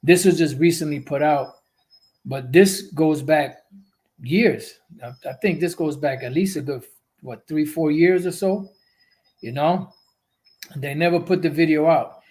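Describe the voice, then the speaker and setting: Rambling man preaching, high-ish voice. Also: measured pace, darkish tone. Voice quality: frequent restarts and "you know" fillers. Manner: rambling, repetitive, profane asides. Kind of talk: livestream religious teaching.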